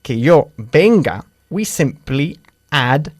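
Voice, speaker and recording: A male teacher running quick drills with a lively, up-and-down voice, pitched a little high for a man. He corrects and repeats with animated emphasis, recorded close and dry in a studio. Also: no room sound. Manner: animated, emphatic, switching between English and Spanish. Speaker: English teacher. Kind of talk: bilingual English lesson drills.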